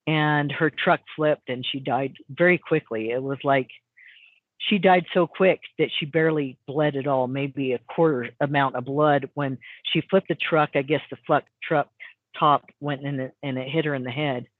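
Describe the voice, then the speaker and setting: A woman's voice: extremely low pitch, moderate pace, no room sound. Woman telling a story over a tinny phone line. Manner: rambling, animated storytelling with many fillers. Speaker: guest, hypnotist. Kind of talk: casual storytelling on a call.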